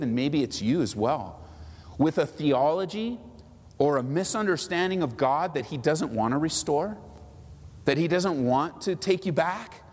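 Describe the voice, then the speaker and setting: A middle-aged man preaches a sermon, his fairly high voice climbing on the big lines and sinking low for the tender asides. The sound carries a long hall reverb, like a sanctuary. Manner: impassioned preaching, swinging between soaring high phrases and low quiet asides. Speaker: pastor.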